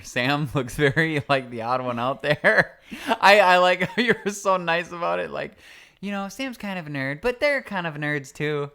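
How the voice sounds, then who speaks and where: A man's voice: on the high side, moderate pace, gravelly, sharp tone. A man hosting a podcast in casual chat, playful and joking as he runs promos and talks with his co-host.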